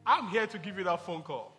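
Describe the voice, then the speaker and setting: A man preaching a sermon as pastor, emphatic, calling out to the congregation and mixing in jokes. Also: sits high.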